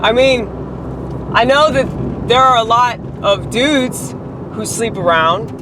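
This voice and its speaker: A woman's voice: fairly high pitch, takes it slowly, background noise. A woman delivering a heated, profane, rambling monologue rant straight to the camera.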